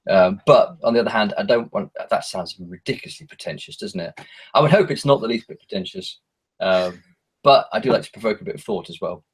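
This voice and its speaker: A man's voice: lowish voice, animated, brisk, breathy edge. An English man, a horror author, chatting casually as a podcast guest, hesitant with many ums and self-mocking asides. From England.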